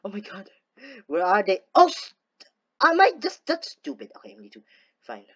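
A woman giving casual gameplay commentary, talking to herself excitedly and slipping into playful theatrical gloating. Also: medium pitch, normal speed, breathy edge, dull audio. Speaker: gaming video host.

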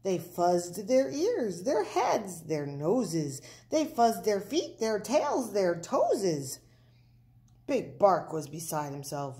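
A woman reads a children's picture book aloud at a very slow, deliberate pace. Her voice leaps and dips with lively expression, playing up every sound effect. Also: medium pitch. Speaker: storybook reader.

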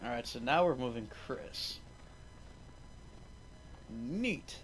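A man's voice: medium pitch, lively intonation, slow pace, soft background music, low-quality recording. A young man doing sarcastic, profane gameplay commentary as a let's play host.

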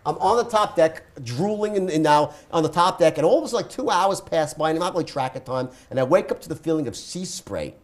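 A man telling a wild story as a guest speaker, in an animated way and acting out the voices he quotes. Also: fairly high pitch, fast talker, hardly any pauses.

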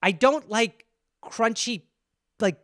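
A man with a high, bright voice hosts a solo comedy podcast, rambling casually and swearing freely. His tone is smooth and clear, recorded close with a completely dry sound. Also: slow pace, no echo. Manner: profane, rambling, conversational. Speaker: podcast host.

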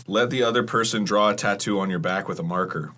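A man's voice: on the low side, fast talker. A man co-hosting a casual party game, cracking crude, teasing jokes. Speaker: co-host. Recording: noisy background.

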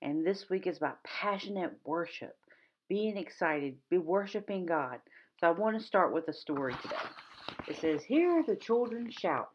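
A woman's voice: on the low side, moderate pace, muffled recording, noisy background. A young woman leading a children's church lesson, upbeat and encouraging as she talks straight to the kids. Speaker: children's ministry leader.

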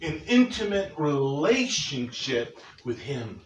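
A man's voice: fairly high pitch, sing-song, slow, noisy background. An older man preaching a sermon as pastor, folksy and earnest, with joking asides to the congregation. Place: church sanctuary. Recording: echoey church from far off.

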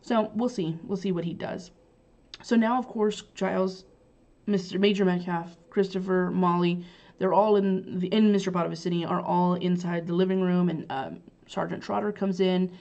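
A woman's voice: fairly low pitch, steady tone, moderate pace, warm tone. A woman teacher casually recapping a play for her students, chatty and loose with lots of fillers. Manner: chatty, paraphrasing lines loosely with many fillers. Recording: dull lo-fi recording.

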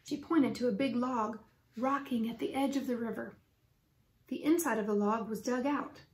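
A woman narrates a children's chapter book aloud in a clear, steady storytelling manner. Her voice sits somewhat high and carries a roomy echo. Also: normal speed. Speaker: reader.

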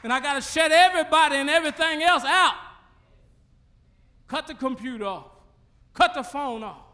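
High, bright-voiced Southern preacher man. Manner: preaching with rising call-and-response fervor, drawn-out phrases. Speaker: pastor. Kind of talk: sermon. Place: church sanctuary.

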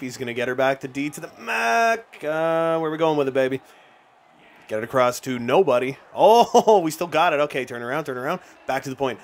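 A young man with a slightly high voice calls his hockey video game play-by-play. His tone is casual and slangy, and it jumps into excited shouts whenever a play comes together. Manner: play-by-play calling with bursts of excitement and laughs; casual, slangy, talks straight to viewers. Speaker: gaming YouTuber. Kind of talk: excited gameplay commentary.

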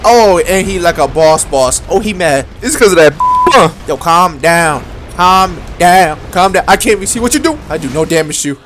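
A young man giving casual, excitable, slangy commentary while playing a game, talking straight to the enemies he fights. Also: fairly high pitch, fairly quick, a little hiss or hum. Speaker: gaming video creator. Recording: voice over game music.

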